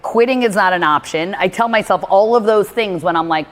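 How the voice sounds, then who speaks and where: A woman's voice: mid-range voice, animated, fairly quick, hardly any pauses. A woman giving a casual motivational talk, rambling with lots of "like" and acting out her own inner dialogue. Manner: chatty, rambling, heavy use of "like". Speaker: motivational speaker on meditation. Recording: reverberant room.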